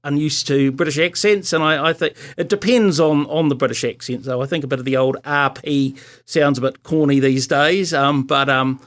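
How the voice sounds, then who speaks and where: A man guesting on a radio talk show, relaxed and a little hesitant. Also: on the high side, normal speed, few pauses. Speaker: party leader, radio guest. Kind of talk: casual chat.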